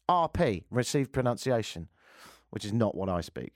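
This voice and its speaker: A man's voice: mid-range voice, sing-song, moderate pace, no echo. A man hosting a talk radio show, chatting casually in a joking, teasing way into a studio microphone.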